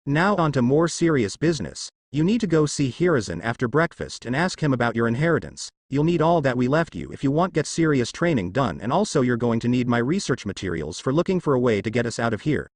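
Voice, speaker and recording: Calm businesslike father figure, measured and instructive, a man narrator reading him. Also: mid-range voice, no echo, clean studio sound. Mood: serious. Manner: explanatory, measured.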